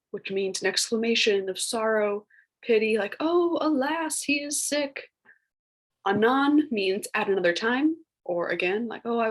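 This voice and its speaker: A young woman teacher talks her class through a recorded lesson, loose and chatty, full of filler words. Her voice has a husky, slightly breathy grain at a middle pitch. Now and then she slips into playful, mock-fancy voices. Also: fairly bright tone, poor audio. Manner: casual, chatty, many "like" fillers; puts on playful voices for old phrases.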